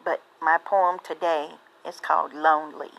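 A woman podcaster speaking in a slow, halting, heartfelt way, giving casual shout-outs and then reading a poem. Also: low-pitched, fairly even intonation, creaky, rough recording. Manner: slow, halting, heartfelt, with many pauses and repeats.

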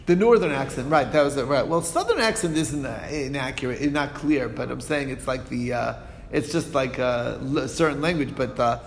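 A man teaching an informal Talmud lesson, talking in a halting way with many fillers and restarts. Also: medium pitch, animated, creaky, long reverb tail, a little hiss or hum.

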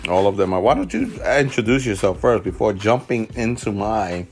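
Low-ish guy from the bronx joking around on his podcast, mouth full, rambly. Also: lively intonation, moderate pace, a crowd in the background. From South Bronx, New York. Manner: joking, self-mocking, rambling. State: talking with mouth full of potato. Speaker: podcast host, father. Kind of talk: casual podcast chat.

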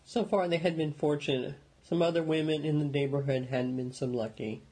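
Husky-voiced man reading an audiobook. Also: on the high side, low-quality recording. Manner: steady, measured storytelling. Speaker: narrator. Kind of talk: audiobook narration.

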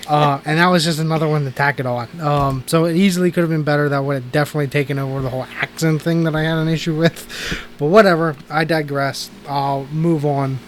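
A man's voice: fairly high pitch, steady tone, fast, few pauses, a little hiss or hum. A man co-hosting a casual movie podcast, rambling and restarting his sentences and laughing often. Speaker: podcast co-host. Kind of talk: casual movie review chat.

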